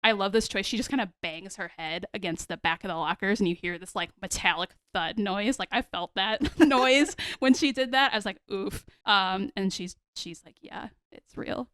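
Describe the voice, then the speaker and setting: Here the same podcast host speaks at a medium pitch and normal pace, smooth and with few pauses, in echo-free studio sound. Chatting casually through a TV episode recap, she acts out characters' dialogue with animation and addresses her audience as "y'all."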